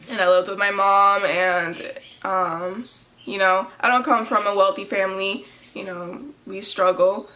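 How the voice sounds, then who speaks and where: A woman in her twenties speaking in a personal vlog, emotional and halting, tearing up at times, with many fillers and restarts. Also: medium pitch, pushed and bright, slight background noise. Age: 20s. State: tearful. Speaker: vlogger.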